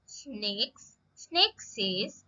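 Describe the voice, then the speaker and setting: A woman teacher giving a slow lesson to young children, drawing out words and asking them questions. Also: mid-range voice, big pitch swings, pushed and bright, highs cut off. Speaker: primary school English teacher.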